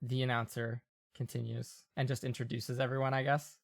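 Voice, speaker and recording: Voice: mid-range voice, flat delivery, a little fast, gravelly, no echo, clean studio sound. A game master narrating a tabletop scene with amused asides.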